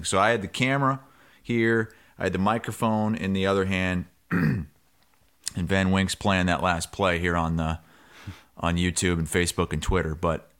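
A man co-hosting a sports podcast, telling a story in casual chat and shouting the quoted lines loudly. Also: sits low. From Iowa. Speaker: podcast co-host.

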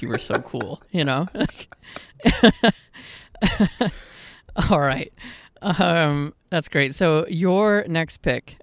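A man's voice: a little high, dry recording. A man co-hosting a podcast, chatting casually about music, giggly and enthusiastic. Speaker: podcast co-host.

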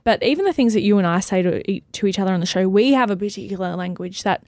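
A woman's voice: medium pitch, lively intonation, darkish tone, dry recording. Easygoing woman co-host. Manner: easygoing, chatty, with fillers and quick asides. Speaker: podcast co-host. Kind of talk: casual chat.

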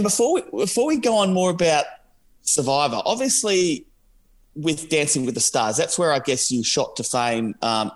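Casting note: male podcast co-host, stumbling, friendly questioner. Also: mid-range voice. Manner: halting, repeats words while asking. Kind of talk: casual interview.

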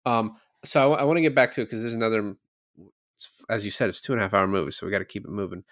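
A man's voice: on the low side, very fast, fairly bright tone, no room sound, studio quality. A young man co-hosting a podcast, chatting casually about a movie, rambling with lots of fillers and restarts. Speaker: podcast co-host.

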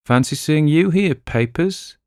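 A man reading as a gruff, grumpy middle-aged police inspector who asks curt questions. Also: a little high, lively intonation, unhurried, a little mellow, no echo, clean studio sound, voice pushed up.

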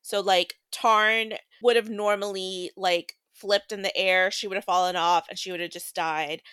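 A woman's voice: mid-range voice, fairly even intonation, fairly bright tone, smooth, no room sound, studio quality. A woman co-hosting a casual book podcast, retelling the plot in a chatty way with lots of fillers. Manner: chatty, filler-heavy, quick plot recap. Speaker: podcast co-host.

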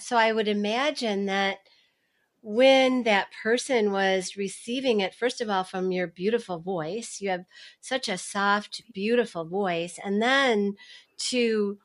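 A woman hosting a podcast responds to her guest with effusive admiration. Her voice sits at a middle pitch for a woman. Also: slow pace. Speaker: podcast host. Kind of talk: interview chat.

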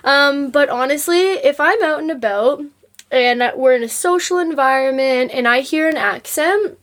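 Bubbly canadian woman co-hosting a podcast, high voice, giggly and upbeat. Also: moderate pace, fairly bright tone. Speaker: stand-in co-host. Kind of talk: casual chat.

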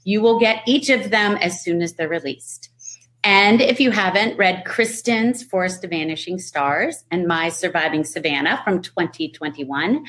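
A woman co-host with a somewhat low voice. She talks about books and releases with easy enthusiasm. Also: low-quality recording. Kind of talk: casual chat.

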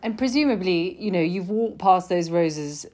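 A woman's voice: fairly low pitch, expressive, normal speed, darkish tone. A woman interviewer who thoughtfully sums up her guest's points in conversation. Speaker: interviewer, host.

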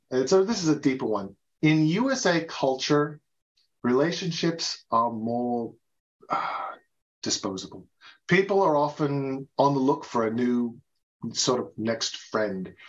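Chatty American man, muffled recording. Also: mid-range voice. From United States. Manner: chatty, repeats words and restarts, laughs often. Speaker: podcast host. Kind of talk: casual travel-tips chat.

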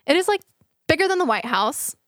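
Chatty podcast woman, high voice. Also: very animated, a little fast, no echo, studio quality. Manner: chatty storytelling, swears freely. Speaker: podcast host. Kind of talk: casual chat.

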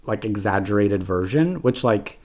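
A young man from Serbia, raised in Canada, chatting casually and playfully as a podcast guest, animated and swearing freely. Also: on the low side, normal speed. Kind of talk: casual chat.

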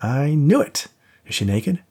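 A man's voice: on the high side, big pitch swings, measured pace, dark tone, husky, pitched above the performer's own voice, full character voice. A man voicing a cocky, wisecracking male cop buddy in an audiobook, teasing and joking, raised above his own voice. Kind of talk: audiobook character voice.

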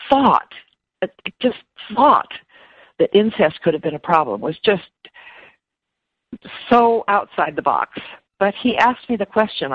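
A woman speaking as an interview guest, emotional and halting, often repeating words. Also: on the low side, slightly rough, no room sound. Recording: dull lo-fi dry sound.

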